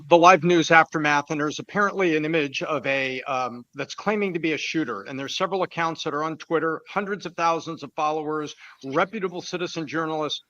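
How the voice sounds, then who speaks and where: Frustrated guy on a podcast, high-ish voice, dry muffled audio. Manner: angry, frustrated, forceful. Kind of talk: panel discussion.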